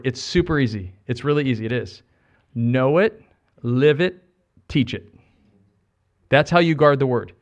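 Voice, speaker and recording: A middle-aged American man preaches a sermon. He sits in a mid range for a man's voice, and he is animated, joking with the congregation and repeating short phrases to drive each point home. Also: medium pitch, moderate pace, long pauses, muffled recording. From United States. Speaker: pastor.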